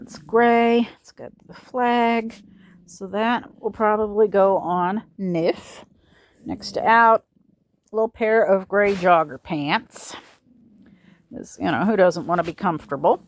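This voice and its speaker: A woman, chatting casually as she opens fan mail at home and cooing at her pets. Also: medium pitch. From Missouri. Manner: chatty, coos at her pets in a lively sing-song. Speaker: vlogger opening fan mail. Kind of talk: casual unboxing chat.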